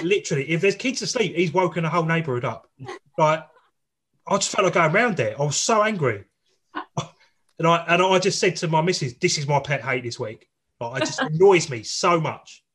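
A man chats casually as a podcast co-host, venting about pet hates with frequent laughs. His voice is husky and sits a little high for a man. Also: expressive, a little fast, fairly bright tone. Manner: ranting, laughs often. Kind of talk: casual chat.

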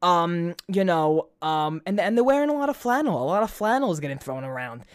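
A man's voice: high voice, sing-song, brisk, clear, resonant tone, dry recording, clean studio sound. A young man of about twenty with a New York accent, rambling crudely in casual chat and restarting his words over and over.

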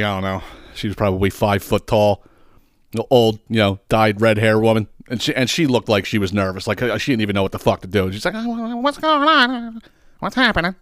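A man's voice: fairly low pitch, dry recording, clean studio sound. A man, probably in his thirties, hosting a podcast and telling a profane, exasperated story. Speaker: podcast host. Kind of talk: ranting storytelling.

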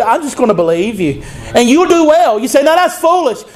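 Male preacher, high voice, conversational sermon, scripture reading. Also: very animated, a little fast, a little mellow.

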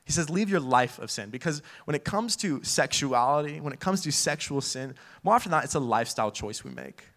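A man's voice: a little high, animated, fairly quick, hardly any pauses, fairly bright tone. A young man preaching a casual sermon full of fillers, acting out little quoted voices as he talks.

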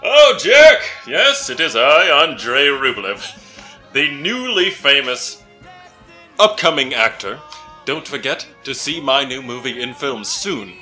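A man voicing a vain, excitable aspiring actor in a tabletop game, theatrical and gushing. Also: mid-range voice, slow, faint music behind, pitched above the performer's own voice, heavily acted. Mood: grandiose.

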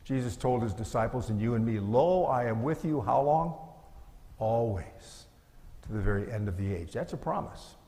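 A man's voice: medium pitch, expressive, normal speed, warm tone, big-room sound. A middle-aged male pastor preaching a sermon in an earnest, conversational way, asking his listeners rhetorical questions.

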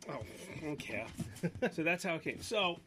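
A man's voice: a little high, expressive, normal speed, noisy background. A middle-aged man co-hosting a live podcast, telling rambling family stories full of fillers and restarts. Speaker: podcast co-host. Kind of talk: casual chat, live stream.

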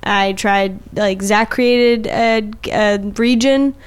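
A woman's voice: a little high, takes it slowly, clear, resonant tone. A woman co-hosting a casual podcast chat, ranting with plenty of swearing and exasperation. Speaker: podcast co-host.

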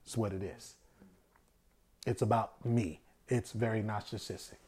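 A man's voice: lowish voice, steady tone, measured pace, dark tone, husky. A man giving a conversational sermon. He often asks rhetorical questions and answers them himself, and he acts out the voices of people he quotes.

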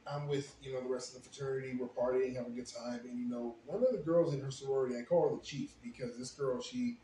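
A young man telling a long, profane story in a casual podcast chat, getting loud when he quotes himself. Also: medium pitch, fairly even intonation, quick pace. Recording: roomy echo, faint ambient noise.

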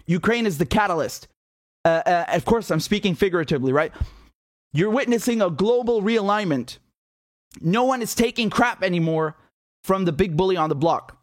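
A man's voice: high voice, animated, normal speed, dry recording, clean studio sound. A man giving a blunt, mocking political monologue, laughing often and swearing. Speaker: political commentator. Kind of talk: casual opinion monologue.

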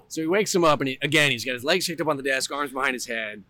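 A man's voice: mid-range voice, fast talker, pushed and bright, no echo. A man co-hosting a podcast, telling a story in casual chat, acting out the people in it and laughing often. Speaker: podcast co-host.

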